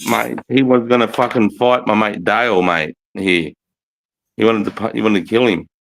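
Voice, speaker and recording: A man's voice: fairly low pitch, fairly even intonation, moderate pace, creaky, a bit bright, a little hiss or hum, poor audio. A man, telling a rambling story in casual livestream chat, swearing often and saying mate and bro.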